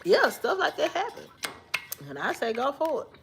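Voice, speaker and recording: A woman's voice: high voice, wildly swooping pitch, normal speed, creaky, music in the background. A woman hosting a casual livestream chat, sleepy and yawning, laughing often as she talks with someone beside her. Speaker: livestream host.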